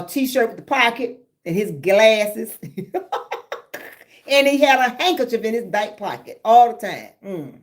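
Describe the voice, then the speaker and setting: A woman, chatting casually with live viewers and telling stories with lots of laughter. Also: mid-range voice. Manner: lively storytelling, laughing often, drawling Southern speech. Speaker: livestream host.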